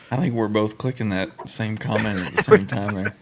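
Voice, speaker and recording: A man hosting a casual live stream chat. He greets viewers in a relaxed, welcoming way and clears his throat often. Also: on the low side, moderate pace, background noise. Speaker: host.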